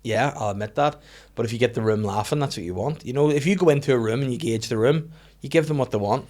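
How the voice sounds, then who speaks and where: A man chatting on a comedy podcast in a mid-pitched voice. He jokes freely and drops into mock voices mid-story, recorded close on a studio mic. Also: fast, darkish tone. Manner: joking, slips into mock voices. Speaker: podcast co-host. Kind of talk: casual comedy podcast chat.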